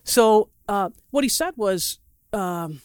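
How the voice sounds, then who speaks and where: Preacher, mid-pitched, dry close sound, rambling animated sermon storytelling with acted quotes. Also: takes it slowly, smooth, no echo. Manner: asks the audience questions directly; loose, rambling delivery with restarts and asides.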